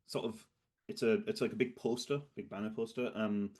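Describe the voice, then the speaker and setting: A man's voice: fairly low pitch, fairly even intonation, a little fast, darkish tone. Hesitant man narrating as game master. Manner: hesitant, rambling with many fillers.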